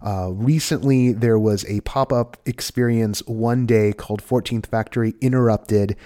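A man hosting a podcast, talking in an animated, rambling way with many restarts. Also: mid-range voice. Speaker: podcast host.

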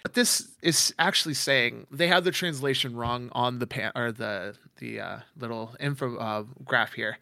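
A man voicing a friendly male museum founder who talks in a halting, chatty way. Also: mid-range voice, vocal fry, pushed and bright, no room sound.

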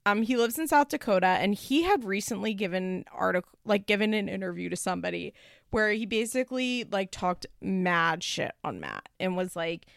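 A woman's voice: mid-range voice, lively intonation, normal speed, gravelly, no room sound, clean studio sound. A young woman casually recapping a reality show with lots of "like" and swearing, and she acts out the quotes. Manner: rambling and profane, heavy use of "like", acts out quotes.

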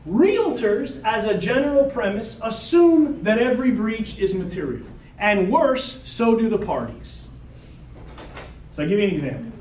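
Lawyer guy lecturing realtors, blunt and animated, mic far off, faint background hum. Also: high voice, unhurried. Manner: blunt, animated storytelling with frequent "okay" and "right". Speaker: real estate lawyer. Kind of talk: seminar talk to realtors. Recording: roomy, distant mic with faint ambient noise.

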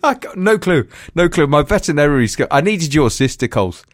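Animated man telling a story. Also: on the high side, brisk, dry recording, studio quality. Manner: animated, laughing through stories, acts out voices. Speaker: podcast co-host. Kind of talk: casual storytelling chat.

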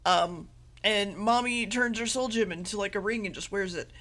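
A woman's voice: mid-range voice, normal speed, a bit bright. A woman co-hosting a podcast, giving a rambling, casual anime recap with laughs and swearing. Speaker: podcast co-host.

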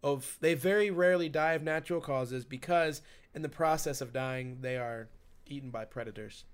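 A man's voice: mid-range voice, moderate pace, clear, resonant tone. A man co-hosting a podcast in casual comedic chat, laughing often and trailing off into restarts. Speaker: podcast co-host.

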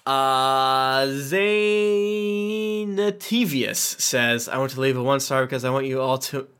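A man's voice: medium pitch, completely flat delivery, normal speed, sharp tone, smooth. A man hosting a casual podcast, reading listener reviews aloud with playful voices and asides.

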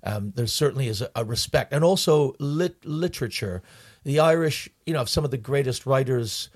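A man's voice: medium pitch, animated. Hesitant male talk-show host. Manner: hesitant, halting, with many restarts. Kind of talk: casual chat.

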